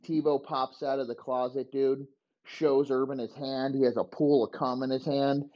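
A man's voice: medium pitch, level tone, moderate pace, dull audio. A man hosting a podcast, ranting in a crude, mocking, rambling way. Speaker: podcast host. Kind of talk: crude comedic rant.

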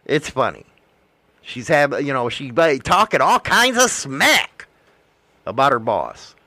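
A man's voice: medium pitch, very animated, slow pace, bright, forceful tone, no echo. A man in casual chat, ranting bluntly and swearing constantly. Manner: blunt, heavily profane ranting.

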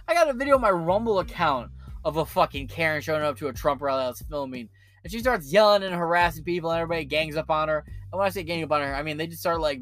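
A man with a slightly high voice hosts a casual political commentary show, ranting animatedly and profanely with many restarts.

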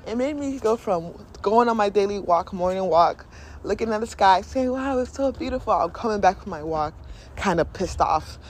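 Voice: mid-range voice, moderate pace. Podcast host, casual spiritual monologue, candid, emotional, laughs often, acts out inner voices, mid-range voice, faint background hiss.

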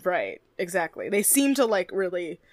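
Lively-voiced woman recapping casually. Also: lowish voice, normal speed, no room sound. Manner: chatty, swears, laughs, acts out quotes. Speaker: podcast co-host.

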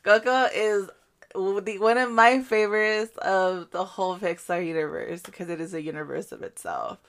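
A young woman from a Guatemalan family chatting casually, telling an animated story with frequent laughs and lots of "like". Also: medium pitch, normal speed. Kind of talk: casual chat.

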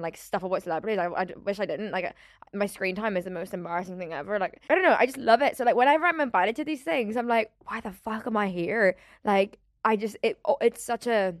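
A woman's voice: medium pitch, no echo, clean studio sound. A young woman hosting her own podcast, chatting in a rambling, casual way full of "like" fillers and the odd swear word. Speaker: podcast host. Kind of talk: casual solo podcast chat.

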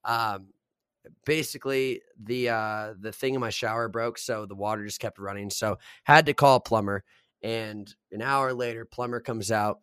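A man's voice: lowish voice, moderate pace, smooth, no room sound, clean studio sound. A man in his twenties, a podcast co-host, telling stories in casual chat with plenty of swearing. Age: 20s. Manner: swears a lot, animated storytelling.

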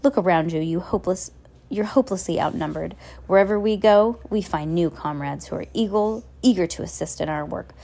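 A greedy, sinister villainess, read aloud by a woman, gloating and threatening. Her voice is low and mellow, with no harsh edge. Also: fairly quick, vocal fry.

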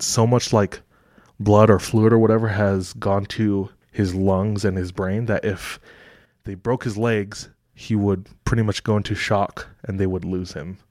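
Low-voiced man in laid-back podcast chat. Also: darkish tone, no room sound, studio quality. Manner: laid-back storytelling with many fillers. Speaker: podcast co-host. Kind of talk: casual chat.

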